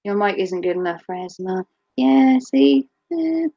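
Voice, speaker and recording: A woman's voice: medium pitch, animated, moderate pace, gravelly, muffled recording. A woman chatting casually on her live stream, giggling often and swearing freely. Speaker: livestreamer.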